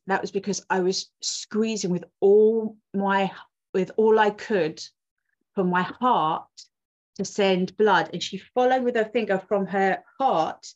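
A woman, a twin mother and doula, telling a personal story in casual conversation, emotional and full of restarts. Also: medium pitch. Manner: emotional, rambling with many restarts. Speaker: podcast guest, twin mum and doula. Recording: dull lo-fi audio.

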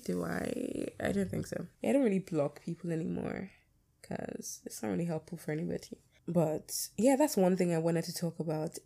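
A woman's voice: lowish voice, creaky, mellow. A young adult woman hosting her own podcast, talking casually and bluntly about her life, swearing freely. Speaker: podcast host.

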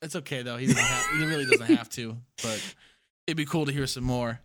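Giggly young guy, lively voice. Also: medium pitch, a little fast. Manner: laughs often, stammers and restarts, eager. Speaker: podcast co-host. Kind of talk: casual chat.

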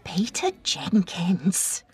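An actress playing an older woman on her second marriage, with a breathy whispery voice, gently teasing. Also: mid-range voice, big pitch swings, drawn-out words, very noisy. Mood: fond. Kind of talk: audio drama acting.

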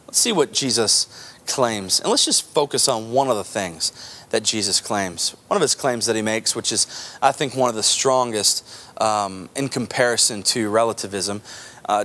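A man's voice: normal speed, a bit bright. Emphatic male pastor preaching. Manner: emphatic, rising to high intensity at key points; repeats words when building emphasis. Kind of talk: sermon.

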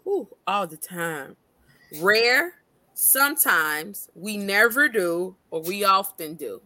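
A woman's voice: mid-range voice, animated, slow pace, pushed and bright, dry recording. Laughing, slangy woman co-host. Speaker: podcast co-host. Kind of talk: casual chat.

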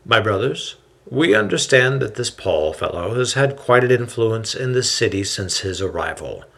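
A man voicing a calm, wise older teacher who speaks quietly and in measured phrases. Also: medium pitch, gravelly, full character voice.

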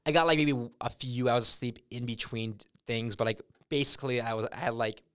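A young man chats on a podcast, spinning long, rambling stories with an absurd, deadpan streak. His voice sits in a middle pitch. It is recorded close and dry, with no room sound. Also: brisk, smooth, no room sound. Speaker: podcast co-host. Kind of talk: casual chat.

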